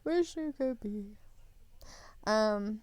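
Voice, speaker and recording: A woman's voice: mid-range voice, animated, drawn-out words, darkish tone, dry recording. A woman co-hosting a live stream in casual chat, laughing often as she reads viewer comments aloud.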